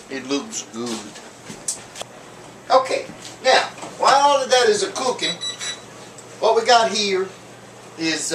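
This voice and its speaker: A man's voice: sits high, noisy background. A man hosting a homemade cooking show, rambling and joking as he cooks, with lots of fillers and offhand asides. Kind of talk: casual comedic cooking demo. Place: home kitchen. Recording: echoey kitchen, far from mic, clattering pans. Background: clinking dishes, pots and cutlery.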